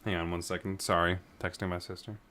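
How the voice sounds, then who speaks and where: A man's voice: deep voice, flat delivery, quick pace, pushed and bright, a little hiss or hum. A man hosting a casual reaction video, swearing often and sighing, plainly moved by what he watches. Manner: swears often and sighs between remarks; emotional and easily moved.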